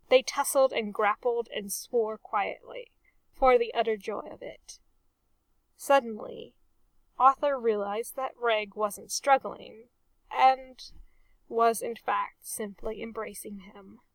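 A woman reading a story aloud in a measured, expressive way. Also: fairly high pitch, creaky, no echo. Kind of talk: storybook narration.

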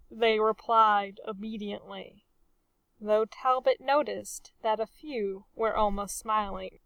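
A woman reading a nautical adventure story aloud as an audiobook narrator, in measured storytelling. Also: medium pitch, fairly even intonation, dry recording, far from the mic. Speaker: audiobook reader. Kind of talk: scripted narration.

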